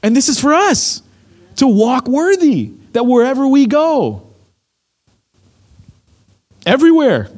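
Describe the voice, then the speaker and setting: A man's voice: extremely high pitch, takes it slowly, long pauses. A young man preaching a sermon, telling a story with lots of acted-out quotes. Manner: animated storytelling, acts out quotes. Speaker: pastor.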